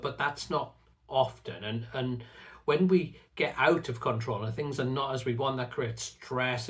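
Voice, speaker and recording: A man's voice: medium pitch, a bit bright. A middle-aged man hosting his own channel, giving an earnest, reflective talk on faith. He often repeats a word as he starts a phrase. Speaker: faith teacher and channel host.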